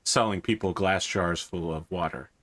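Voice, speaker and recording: Bright-voiced male game master. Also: low voice, moderate pace, dry recording. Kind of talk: narrating a tabletop game.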